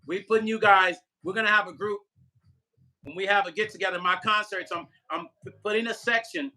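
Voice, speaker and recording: A man's voice: high-pitched, fairly quick, sharp tone. An older man vlogging live and chatting loosely with viewers, joking and talking straight to his chat. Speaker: musician vlogger. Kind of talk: casual livestream chat reading viewer comments.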